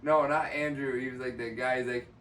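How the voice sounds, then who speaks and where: A man's voice: medium pitch, steady tone, brisk, fairly bright tone. A young man co-hosting a podcast, rambling through work memories with lots of fillers in casual chat. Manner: loose rambling storyteller, many fillers. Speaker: podcast co-host. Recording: echoey room, distant mic, faint noise.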